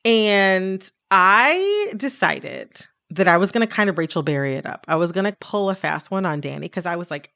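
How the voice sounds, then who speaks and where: A woman co-hosting a podcast, telling personal stories in an animated, laughing way. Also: lowish voice, normal speed, creaky, hardly any pauses. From Detroit area. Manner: animated storyteller, laughs often. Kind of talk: casual storytelling chat.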